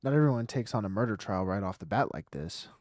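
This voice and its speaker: A man reading the lines of a calm, composed woman lawyer who mentors him. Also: on the low side, fast talker, no room sound, studio quality.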